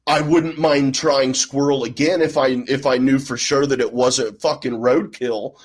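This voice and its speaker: A man from the American Midwest, telling an anecdote on a podcast in a relaxed, rambling way. He swears often and drifts through many fillers. His voice sits at an ordinary middle pitch. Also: a little slow, poor audio. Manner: laid-back, profane storytelling. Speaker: podcast co-host. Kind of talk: casual chat.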